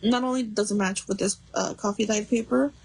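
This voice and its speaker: A young woman with a husky, slightly gravelly voice chatting her way through a craft livestream. She rambles, restarts her sentences and leans on fillers as she works. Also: mid-range voice, fairly even intonation, fairly quick, low-quality recording. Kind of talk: casual livestream chat while crafting.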